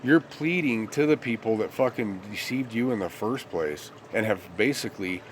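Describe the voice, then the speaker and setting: A man's voice: fairly low pitch, moderate pace, slight background noise. A young man ranting bluntly and profanely in a rambling casual monologue to his viewers. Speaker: vlogger.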